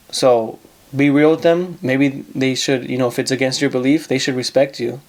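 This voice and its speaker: A man's voice: medium pitch, fairly even intonation, normal speed, a little mellow. Blunt, swearing man giving advice. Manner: blunt, profane, repeats himself for emphasis. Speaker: advice show host. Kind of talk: casual advice monologue.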